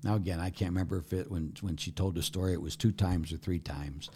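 A middle-aged Catholic priest preaching during a Q&A, emphatic, often asking rhetorical questions and swinging between loud and soft. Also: male voice, sits low, fairly even intonation, fast, a little hiss or hum.

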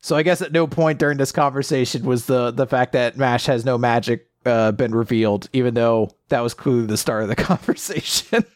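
A man casually recapping a story chapter on a podcast, animated and swearing, popping into quick funny voices for the characters. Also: mid-range voice, no echo, studio quality.

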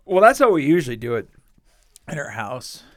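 A man co-hosting a podcast, telling stories in a casual, profane and animated way. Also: on the high side, moderate pace, no echo, clean studio sound. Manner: profane, animated storytelling with frequent laughs. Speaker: podcast co-host.

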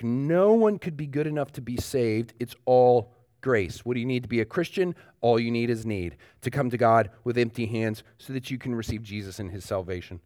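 A man's voice: medium pitch, darkish tone, dry recording. A man preaching a sermon in a church, talking conversationally with emphatic repetition and lots of loose fillers and restarts. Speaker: pastor. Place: church sanctuary.

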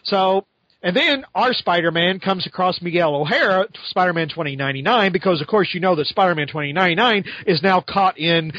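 High-pitched man, casual rambling podcast talk, sarcastic, dry muffled recording. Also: a little fast, sharp tone, no room sound. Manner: rambling, sarcastic, laughs often. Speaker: podcast host. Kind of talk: casual comic book review chat.

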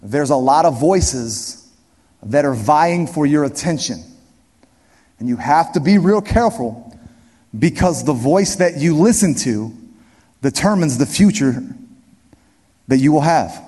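A male pastor preaches emphatically, repeating key phrases and addressing his congregation directly, his voice echoing with long hall reverb. It sits on the high side with a warm tone and lively intonation, at a measured pace with frequent pauses.

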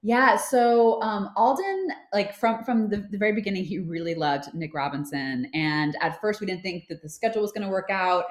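A woman's voice: medium pitch, expressive, normal speed, hardly any pauses. Chatty woman in a roomy space. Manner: chatty, many fillers and restarts. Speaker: film producer, guest. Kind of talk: casual interview chat. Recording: roomy echo.

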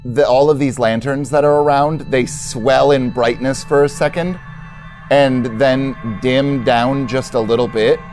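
A man narrating a tabletop role-play game as game master, calm and firm. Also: mid-range voice, measured pace, soft background music.

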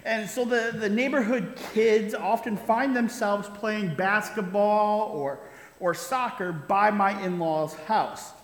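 A man's voice: high-pitched, takes it slowly. A man preaching a sermon, telling a story with frequent "right?" asides and chuckles. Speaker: pastor. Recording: roomy hall reverb.

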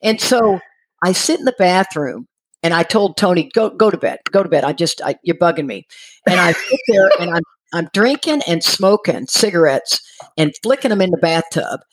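A middle-aged woman casually telling a personal recovery story, animated and acting out what people said, laughing now and then. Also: fairly low pitch, moderate pace, breathy edge. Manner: animated, acts out quoted voices, laughs while telling.

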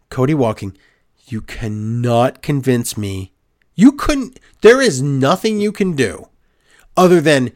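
A man co-hosting a wrestling podcast, recapping the show in a sarcastic, exasperated way. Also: medium pitch. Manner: sarcastic, exasperated, mocks the booking with put-on quotes. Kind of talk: casual podcast chat.

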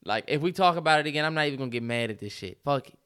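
A man's voice: a little high, lively intonation, racing, bright, forceful tone, smooth. A man co-hosting a podcast, emphatic and profane in casual chat, repeating himself as he riffs. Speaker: podcast co-host.

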